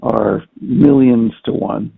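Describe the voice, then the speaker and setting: Man, casual phone guest, hesitant and repetitive; gravelly, husky, phone-thin sound. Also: lowish voice, little pitch movement, slow. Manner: hesitant, repeats words as he restarts. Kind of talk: casual conversation. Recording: tinny phone line.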